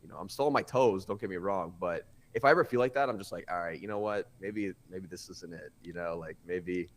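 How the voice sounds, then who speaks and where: A young man telling a personal story on a podcast, animated and often stumbling over his words as he acts out what others said. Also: low-pitched, brisk. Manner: animated, acts out quotes with voices; stammers and restarts often. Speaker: podcast guest. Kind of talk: casual storytelling.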